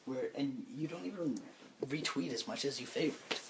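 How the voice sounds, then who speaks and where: A young man sick with a cold chats casually as a podcast co-host, rambling and cracking dry jokes at his own expense. His medium-pitched, expressive voice has vocal fry and comes at normal speed, picked up by a phone lying on a table, so it sounds roomy with a noisy background.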